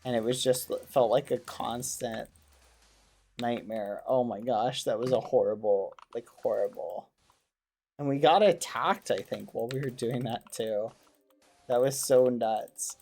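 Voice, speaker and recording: A man streaming a game, chatting casually and excitedly with his viewers and using wholesome exclamations instead of swearing. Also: mid-range voice, measured pace, faint music behind. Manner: excitable, talks to his chat. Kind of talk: casual gaming livestream chat.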